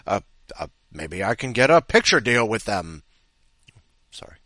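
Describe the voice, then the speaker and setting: A man's voice: low voice, animated, moderate pace, pushed and bright, no echo. A man hosting a comedic podcast, rambling and self-mocking as he reads listener stories. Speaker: podcast host. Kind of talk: comedic podcast chat and story reading.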